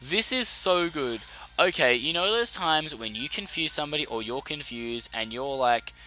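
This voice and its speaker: Bright, animated young Australian man. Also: on the high side, moderate pace, faint music behind. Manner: animated, profane, self-correcting. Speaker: YouTuber. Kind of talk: casual battle commentary. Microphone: desk mic.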